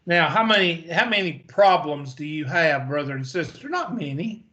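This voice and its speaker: Folksy math teacher, slightly high voice. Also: male voice, expressive, normal speed, bright, forceful tone, muffled recording. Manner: folksy, storytelling, asks and answers own questions. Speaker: math instructor. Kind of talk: classroom math lecture.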